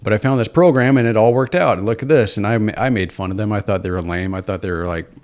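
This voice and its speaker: A man from Seattle, USA, appears as a podcast guest and candidly tells his personal story, earnest, self-deprecating and reflective. His voice is lowish and darkish in tone, and he speaks fast.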